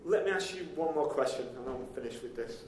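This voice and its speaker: In an echoey church hall recording with a little hiss or hum, a pastor with a high, light voice gives a conversational sermon. He speaks fairly quickly and keeps turning to the congregation with direct questions.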